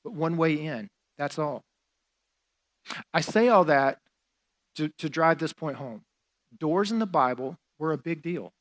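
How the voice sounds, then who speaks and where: A man's voice: on the high side, expressive, measured pace, long pauses. A man preaching a sermon as a pastor, in a conversational style with fillers and casual asides.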